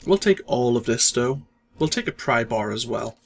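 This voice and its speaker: A man hosts a let's play, casually commenting on his gameplay and thinking aloud in a relaxed, self-deprecating way. His voice is mid-range and gravelly, at a normal speed.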